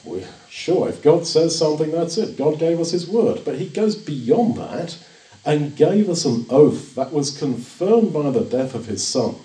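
A man's voice: a little high, big pitch swings, measured pace, dark tone. An older man preaching a sermon in an earnest, reassuring way, often repeating his phrases. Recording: echoey room, distant mic.

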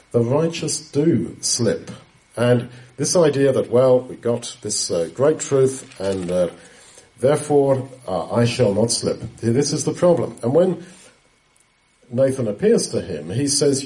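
Male preacher, dark mellow tone, steady explanatory sermon delivery. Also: mid-range voice, poor audio. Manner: unhurried, explanatory, quotes scripture often. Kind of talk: Bible teaching talk.

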